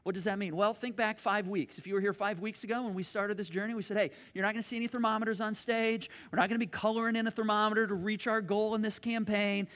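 High-voiced pastor preaching in a reverberant hall. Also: male voice, fast talker, hardly any pauses. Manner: animated, acts out stories with loud shouts and sound effects. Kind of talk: sermon. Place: church hall.

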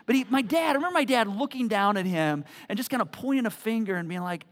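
Animated man preaching through a story. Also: fast. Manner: animated storyteller, many stumbling restarts; drops to a low, soft voice for serious points. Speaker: pastor. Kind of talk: sermon with personal storytelling.

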